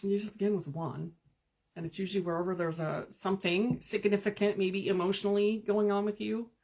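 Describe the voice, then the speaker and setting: A woman hosting a live stream as a spiritual coach, speaking in calm, gentle, meditative guidance with pauses and answering viewer comments. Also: mid-range voice.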